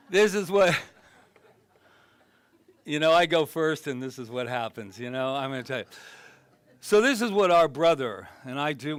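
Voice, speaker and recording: A male minister giving a conversational sermon, telling self-deprecating, humorous stories and swinging between loud bursts and hushed earnest moments. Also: medium pitch, no room sound.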